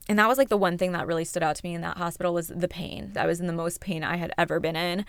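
A woman's voice: lowish voice, fairly even intonation, quick pace, hardly any pauses, smooth, no room sound. A young woman telling her own story of recovering after an accident, candid and emotional, swearing freely. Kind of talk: personal storytelling to camera.

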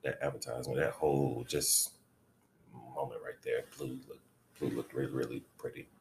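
A podcast co-host in casual chat, laid-back and quick with asides. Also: a bass voice, fairly even intonation, gravelly, a little mellow, a little hiss or hum.

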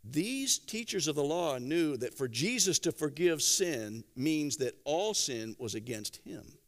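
A man preaching a sermon, telling stories conversationally with gentle humor and acting out quotes. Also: fairly high pitch, measured pace. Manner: animated storytelling with acted-out quotes. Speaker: pastor.

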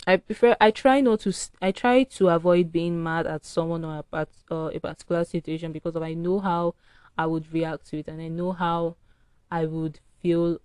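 A woman's voice: on the low side, a little mellow, clear, resonant tone, no room sound. A tired woman hosting a solo podcast, rambling frankly in a casual early-morning rant. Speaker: podcast host. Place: indoors at home early morning.

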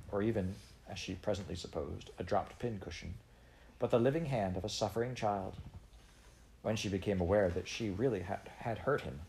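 A man narrating a storybook aloud in a measured way, with small slips. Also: deep voice, gravelly, dark tone, slight background noise. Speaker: audiobook reader.

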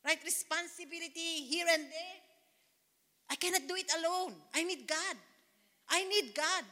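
A woman pastor preaches with fervent repetition and bursts of praise. Her voice sits high and sounds bright and forceful. A long hall reverb trails each phrase, as in a church sanctuary. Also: moderate pace. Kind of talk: sermon.

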